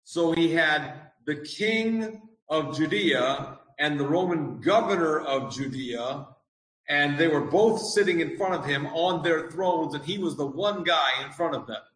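A man's voice: on the high side, measured pace, a bit bright. Earnest preaching man in echoey room. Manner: earnest, asks the congregation questions. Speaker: pastor. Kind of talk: sermon.

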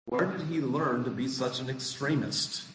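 A man's voice: medium pitch, moderate pace, a bit bright, roomy sound, low-quality recording. A man preaching a sermon, earnest, putting questions to the congregation. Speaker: pastor.

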